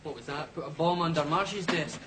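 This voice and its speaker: A man's voice: on the high side, normal speed, close to an everyday voice. An actor playing a wry young male recruit with a dry, sardonic manner. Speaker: RAF trainee. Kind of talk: 1980s TV sitcom acting. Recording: noisy old TV soundtrack.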